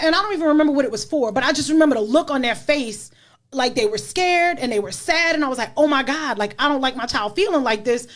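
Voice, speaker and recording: A middle-aged woman hosting a podcast, talking frankly and candidly about being a mother, laughing often and leaning on fillers like "you know.". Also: sits high. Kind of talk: candid casual chat.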